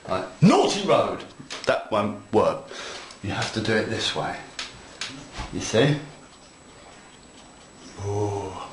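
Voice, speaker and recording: A man with a mid-range, fairly bright voice gives a casual, hands-on model railroad tutorial, walking viewers through his work in a chatty, playful, enthusiastic way. He's a hobby instructor, recorded in an echoey room with faint background noise.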